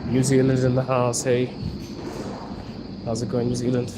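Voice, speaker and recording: Chatty man live-streaming in loud metro. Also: mid-range voice, monotone, moderate pace. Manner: chatty, talks straight to viewers. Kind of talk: casual walking live stream. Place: Moscow metro station. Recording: loud background noise from the metro. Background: metro and street noise.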